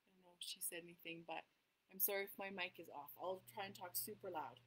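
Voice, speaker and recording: A woman's voice: on the low side, fast, a bit bright, breathy edge, poor audio. A woman hosting a casual craft tutorial at her table, chatting as she paints and often apologizing for her slips. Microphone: table mic that cuts out.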